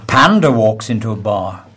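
A man's voice: medium pitch, slight background noise. A man hosting a radio show, telling stories and jokes in a dry, self-mocking way and laughing at his own punchlines. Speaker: radio host.

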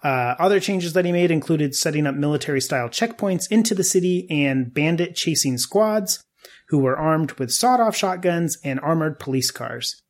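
A man's voice: fairly high pitch, lively intonation, moderate pace. A man hosting a podcast, telling a history story casually with asides to his co-hosts.

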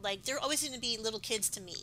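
A woman's voice: a little high, rapid-fire, a crowd in the background, rough recording. A woman co-hosting a podcast, chatting emotionally about an episode and drifting into personal stories. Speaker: podcast co-host. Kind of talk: casual recap chat.

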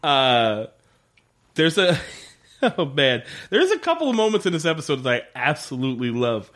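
A man co-hosts a casual podcast recapping a TV episode, swearing freely, laughing often, and acting out lines from scenes. His mid-range voice has a sing-song lilt and a fairly bright tone, delivered at normal speed.

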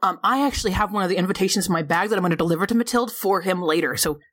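A woman's voice: fairly low pitch, racing, a bit bright. A woman playing in a tabletop role-playing game, bantering playfully with the group. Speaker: player. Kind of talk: casual chat in a tabletop game.

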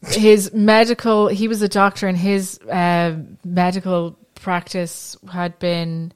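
A woman co-hosts a podcast, walking her friends through a case in loose, chatty storytelling. Her voice sits a little low and comes across smooth and clear, with frequent ums and restarts along the way. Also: level tone, slow, darkish tone. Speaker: podcast co-host telling the case. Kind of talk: casual storytelling chat.

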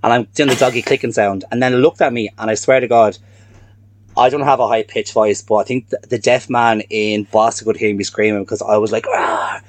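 Name: fast-talking man. Role: podcast guest. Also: lowish voice. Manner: animated, laughing anecdotes. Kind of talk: casual chat, storytelling.

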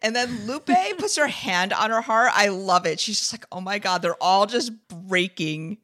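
A woman's voice: medium pitch, normal speed. A woman co-hosting a podcast, recapping a TV episode in casual chat, laughing often and acting out the characters' lines. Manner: animated, laughing, acts out quotes. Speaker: podcast co-host.

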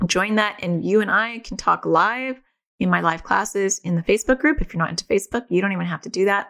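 A middle-aged woman hosting a parenting podcast, talking casually with many fillers in a reassuring, gentle way. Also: on the low side. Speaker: podcast host.

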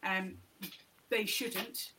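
A woman from the north of England with a middle-class English accent, speaking as a podcast guest about organising local talks in a lively, frank way. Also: mid-range voice, extremely slow, noisy background. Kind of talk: casual podcast chat.

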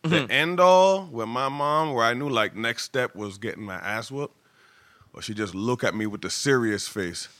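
A man guesting on a casual comedy podcast, telling stories excitedly and laughing. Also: mid-range voice, normal speed, no room sound.

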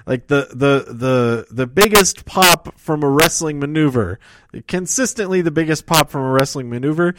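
Rambling man recapping wrestling. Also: on the high side. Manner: rambling, self-correcting, chuckles at own slips. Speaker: wrestling show recap host. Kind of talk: casual spoken recap.

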